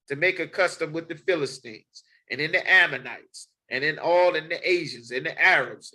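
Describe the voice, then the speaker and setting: Male preacher, bright high voice, insistent and repetitive, reads verses between points. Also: rough recording. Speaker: street preacher. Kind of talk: sermon with scripture reading.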